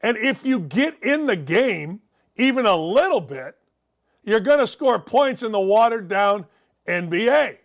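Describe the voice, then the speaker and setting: A man's voice: sits high, very animated, a little slow. A man hosting a sports talk show, ranting in a sarcastic, mocking way about sports and politics. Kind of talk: opinionated sports and politics rant.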